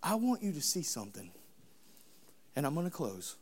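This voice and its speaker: A man preaching a sermon, telling the story in an animated, humorous, conversational way. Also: on the high side, moderate pace, husky.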